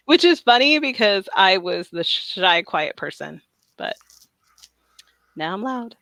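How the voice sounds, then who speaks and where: A young woman chatting casually on a stream, laughing often and speaking loudly. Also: medium pitch, big pitch swings, slow pace, gravelly, long pauses, no room sound. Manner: laughs often, says she is loud and cannot whisper. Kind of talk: casual chat.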